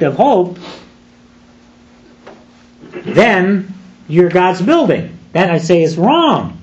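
A man preaching an expository sermon, deliberate and emphatic, slowing down on key phrases. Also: sits high, sing-song, dull audio.

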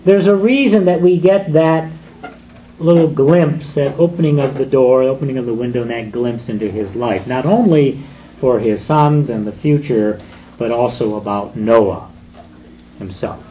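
A man preaching a sermon in a deliberate, emphatic way, leaning on slow, stressed phrases. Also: mid-range voice, dark tone, muffled recording, a little hiss or hum. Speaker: pastor.

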